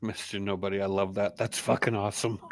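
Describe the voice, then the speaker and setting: A man's voice: fairly low pitch, a little fast, no echo, studio quality. A male podcast co-host in casual chat, heated and swearing freely. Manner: profane, heated, animated.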